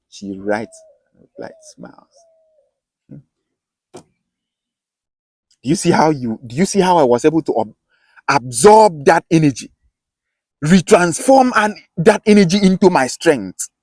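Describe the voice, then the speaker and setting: A man's voice: fairly high pitch, sing-song, measured pace, long pauses, a little mellow, no echo. A man with a Nigerian Akwa Ibom accent giving a passionate lesson, stressing points and often restarting his phrases. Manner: emphatic, repeats and restarts phrases. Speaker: self-styled teacher.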